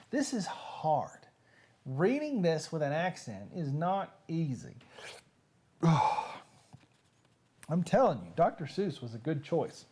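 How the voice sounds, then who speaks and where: A woman's voice: low voice, very animated, drawn-out words, pauses often, warm tone, breathy edge. Woman reading in a put-on Southern drawl. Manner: stumbling over tongue twisters, sighing. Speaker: reader. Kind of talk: comic read-aloud in a put-on accent.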